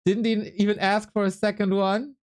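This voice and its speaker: A woman's voice: mid-range voice, little pitch movement, moderate pace, darkish tone. A woman with a German accent, an esports caster chatting casually on a livestream, playful, laughing and swearing often.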